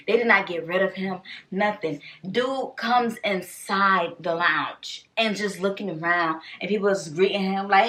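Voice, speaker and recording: A woman's voice: mid-range voice, measured pace, bright, forceful tone, recorded from a distance. A young woman from Rochester, New York, telling a story on her vlog in a casual, slangy way and acting out the dialogue. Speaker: vlogger.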